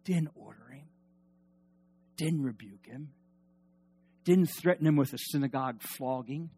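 A man preaching a sermon in an emphatic, animated way, asking the congregation to respond. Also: mid-range voice, a little slow, husky. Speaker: pastor.

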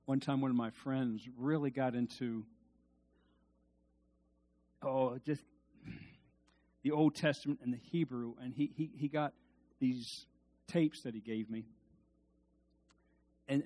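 A man preaching a sermon in a conversational way, swinging from quiet asides to loud, emphatic peaks, with restarts and repeated words. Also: medium pitch, measured pace, pauses often.

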